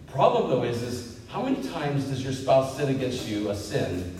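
A male pastor preaching a sermon with emphatic delivery that climbs to loud, high peaks. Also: very animated, moderate pace. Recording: echoey hall, distant mic, faint hiss.

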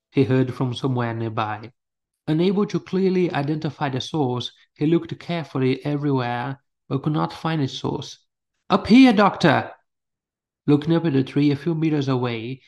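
A man reading a first-person adventure story in a steady storytelling manner. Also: mid-range voice. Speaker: narrator. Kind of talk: scripted story narration.

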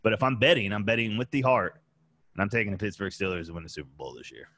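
A man's voice: lowish voice, fast, a crowd in the background. A man guesting on a podcast, giving confident, opinionated sports takes. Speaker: podcast guest, co-host of another show. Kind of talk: casual podcast chat.

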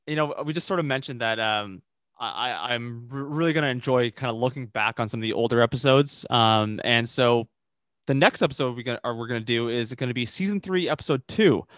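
A man's voice: mid-range voice, normal speed, a bit bright, dry recording. A man co-hosting a casual podcast, easygoing and a bit hesitant, with many fillers and restarts. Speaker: podcast co-host.

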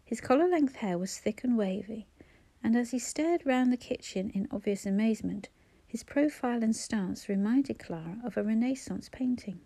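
A woman narrating an audiobook in an even, measured storytelling manner on a close mic. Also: on the high side, creaky, dry recording. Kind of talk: scripted narration.

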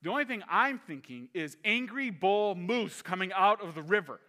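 A man in his thirties preaching a sermon, telling a personal story in an animated way. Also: sits high, normal speed. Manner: animated storyteller, shifting to calm teaching. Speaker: pastor.

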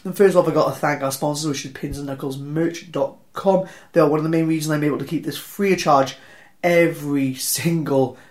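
Casual Welsh podcast host, young, self-deprecating and talkative, pitched a touch high. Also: male voice, steady tone, fairly quick. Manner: chatty, self-deprecating, rambling. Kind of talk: casual podcast intro and ad reads.

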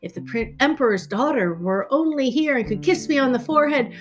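A woman's voice: sits high, animated, a little fast, pitched above the performer's own voice. A woman voicing a brave, cheerful young prince disguised as a shepherd, bold and calling out. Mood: comforting.

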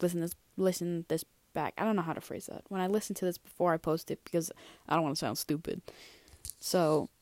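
A woman's voice: fairly low pitch, a little mellow, no room sound. A tired young woman hosting a casual personal podcast, chatty and rambling with lots of fillers and restarts. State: tired, yawning. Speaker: podcast host.

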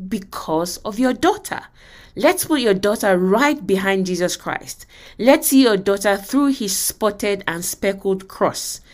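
A woman's voice: medium pitch, lightly acted. A woman reading aloud the part of a firm male pastor counseling a mother. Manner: forceful, emphatic reading.

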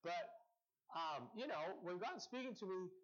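Chatty male teacher, slightly high voice. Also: expressive, measured pace, lo-fi sound. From US Northwest. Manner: conversational, with frequent fillers and restarts, addressing a live group. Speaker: campus ministry teacher. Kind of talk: casual teaching talk.

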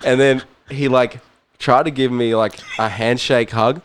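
Young kiwi dude, swears a lot, laughs through his story, excited. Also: medium pitch, measured pace, clear, resonant tone. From New Zealand. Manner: animated, laughing, swears often. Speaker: podcast guest, musician. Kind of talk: casual storytelling chat.

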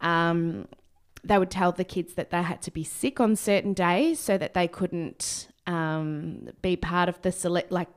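A woman's voice: lowish voice, steady tone, a little slow. A young woman co-hosting breakfast radio, chatting casually as she explains a news story.

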